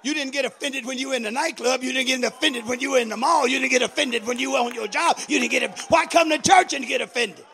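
High-voiced preacher, shouting and chanting. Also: male voice, steady tone, fast, vocal fry, few pauses. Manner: preacher's cadence, rising to shouts and sung lines; calls on the congregation with repeated questions. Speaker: pastor. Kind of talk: sermon.

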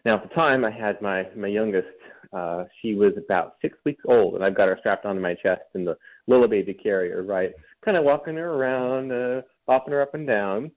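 Over a tinny, phone-like remote line, a guest author from Ohio tells a long story during an interview. His voice is on the low side and fairly quick, and he keeps restarting sentences and slipping into mocking mimicry.

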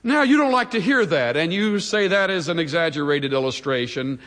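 Animated preaching man in a reverberant hall. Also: a little high. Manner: preaching with dramatic pauses, rising to emphatic peaks. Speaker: pastor. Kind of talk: sermon.

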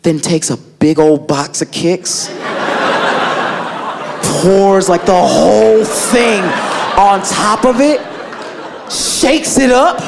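A man's voice: high-pitched, slow, vocal fry, long pauses, crowd noise, noisy background. A man doing a stand-up comedy set, telling a rambling story full of fillers and acting out the voices of the people in it.

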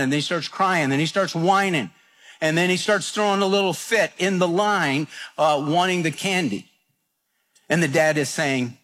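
A man's voice: on the high side, moderate pace, a bit bright. A man preaching a radio sermon, telling folksy stories and repeating his points with restarts. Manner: folksy storytelling with repeated phrases.

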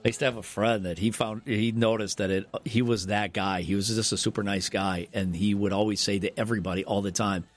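A man's voice: fairly low pitch, fairly even intonation, a little fast, hardly any pauses, soft background music. A middle-aged man, a radio co-host, telling stories in blunt, wry casual banter.

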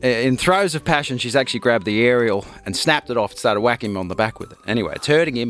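A man's voice: medium pitch, animated, fast talker, hardly any pauses, fairly bright tone. A man with an Australian accent hosting a morning radio show, chatting casually and telling jokes. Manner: laughs easily while telling a long joke. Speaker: radio breakfast host.

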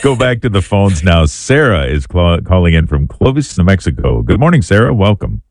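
A man hosting a call-in radio show, talking in a relaxed, conversational way and welcoming callers. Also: low-pitched, normal speed, dry recording. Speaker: radio host.

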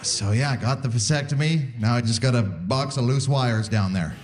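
A man's voice: mid-range voice, moderate pace. A man in his forties from Canada, doing a live stand-up set and acting out the voices in his stories. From Saskatoon, Canada. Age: 40s. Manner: animated, acting out quoted voices. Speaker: stand-up comedian.

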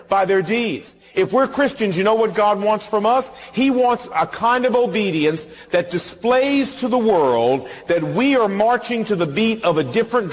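A male pastor delivers a sermon in a fairly high, husky voice. He drives his points home with emphatic rhetorical questions and acts out his stories. The sound rings with the long reverb of a large hall. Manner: emphatic preaching with rhetorical questions and acted-out anecdotes.

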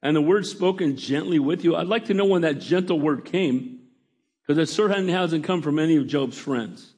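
Man, pastor, sermon, chatty delivery, fairly high voice, calls for amens. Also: normal speed, a little mellow.

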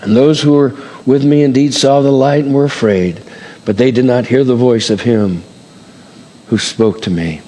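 A man preaching a sermon, his voice swinging between loud and hushed. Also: mid-range voice, moderate pace, long reverb tail.

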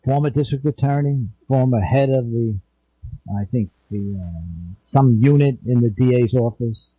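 A man's voice: mid-range voice, unhurried, husky, no echo, narrow, tinny audio. A man hosting a talk radio show, rambling in a folksy way with many fillers and restarts.

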